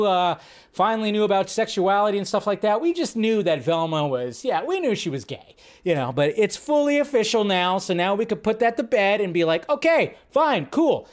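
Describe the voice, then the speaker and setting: A man hosting a live film news stream, talking casually and rambling with lots of fillers, his voice jumping up when he makes a point. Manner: chatty, rambling, filler-heavy; animated, pitch jumps up when making a point.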